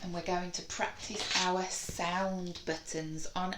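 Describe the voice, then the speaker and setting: Slow-talking woman teaching phonics, echoey room. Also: fairly low pitch, steady tone, noisy background. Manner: sounds out words slowly and clearly, encouraging. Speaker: primary school teacher. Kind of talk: recorded phonics lesson for young children.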